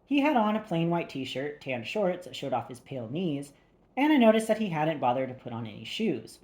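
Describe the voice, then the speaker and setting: Audiobook narrator, woman, low pitch, wry and animated. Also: normal speed. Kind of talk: first-person audiobook narration.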